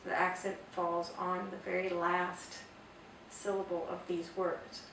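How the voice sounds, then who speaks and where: A woman's voice: fairly low pitch, little pitch movement, unhurried, creaky, a bit bright. A woman teaching a Spanish grammar lesson in English, patiently spelling out examples. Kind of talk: explanatory language lesson. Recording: roomy, distant mic, faint hiss.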